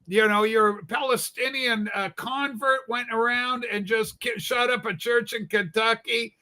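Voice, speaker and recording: A man co-hosting a political livestream, mocking and profane, talking loudly in crude banter. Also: extremely high pitch, steady tone, measured pace.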